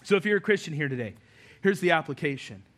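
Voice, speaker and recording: A man with a high, bright voice preaching to his congregation. He talks earnestly and conversationally, often poking fun at himself as he makes his points. His tone is sharp and ringing, pitched above most men. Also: lively intonation, quick pace. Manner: earnest, conversational preaching with self-deprecating asides. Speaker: pastor. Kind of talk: sermon.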